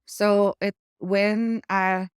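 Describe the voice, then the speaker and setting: A woman with an Eastern European accent, talking in a casual vlog, halting and searching for words with small stutters, living with aphasia after a stroke. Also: mid-range voice, flat delivery, clean tone, no echo, clean studio sound. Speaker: memoir vlogger.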